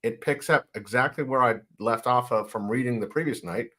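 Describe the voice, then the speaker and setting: A man co-hosts a casual livestream and gives blunt, plainspoken advice. His voice is mid-pitched and even. He talks in a relaxed, conversational way. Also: fairly quick. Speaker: livestream co-host.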